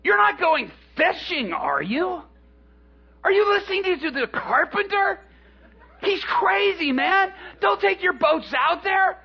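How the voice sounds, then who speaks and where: A man voicing a crew of grown fishermen who shout in disbelief, on a dull lo-fi recording. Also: extremely high pitch, big pitch swings, measured pace, pitched above the performer's own voice, heavily acted. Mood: incredulous shouting. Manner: shouting, incredulous.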